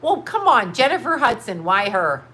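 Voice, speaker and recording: A woman's voice: fairly high pitch, sing-song, normal speed, bright, forceful tone. A woman hosting a casual commentary show, rambling frankly with lots of swearing and frequent bursts of laughter. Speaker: host.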